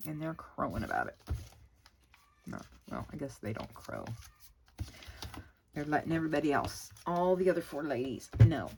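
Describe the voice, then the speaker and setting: A woman with a notably low voice chats her way through a crafting video, rambling, gushing and exclaiming while she works. Her talk is loose and homey, recorded with a faint hum of background noise. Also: big pitch swings, normal speed, gravelly, pauses often, darkish tone, rough recording. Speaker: crafting channel host. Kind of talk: chatty crafting vlog.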